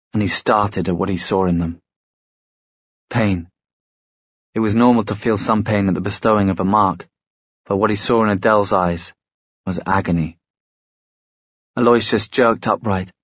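Low-voiced man reading a story. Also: no room sound. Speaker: audiobook narrator. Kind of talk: scripted narration.

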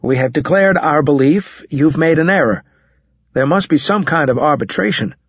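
A man's voice: medium pitch, expressive, moderate pace, breathy edge, no room sound. A man voicing a stubborn young soldier, speaking firmly and insistently in a raised voice. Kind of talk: audiobook character reading. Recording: dull, muffled audio.

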